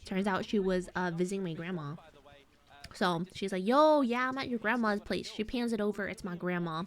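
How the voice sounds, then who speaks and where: Chatting casually in a brisk, mid-range voice, a woman in her twenties streams as a VTuber, meandering through a story and voicing her family members' lines.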